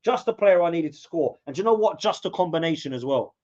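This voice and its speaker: A man from England commentating live on a match as a fan podcast host, reacting loudly to play and reading viewer comments. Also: a little high, fast talker. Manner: excitable, shouts at goals, reads out viewer comments. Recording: dull lo-fi mic.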